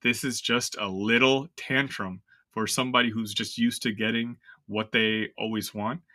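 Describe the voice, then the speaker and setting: A man's voice: mid-range voice, pushed and bright, dry recording, clean studio sound. A young man co-hosting a sports podcast, ranting in casual, exasperated chat full of fillers. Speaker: podcast co-host.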